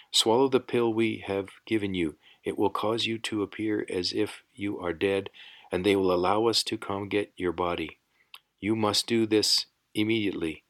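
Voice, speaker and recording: Man voicing a male message voice, clipped, urgent, halting, low, audiobook. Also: bright, forceful tone, no echo. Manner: clipped phrases like a scratched record.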